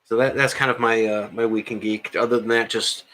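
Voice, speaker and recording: A man's voice: lowish voice, fairly even intonation, brisk, a bit bright, a little hiss or hum. A man co-hosting a podcast, chatting casually about movies with lots of fillers and restarts. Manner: rambling, many fillers and restarts. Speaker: podcast co-host.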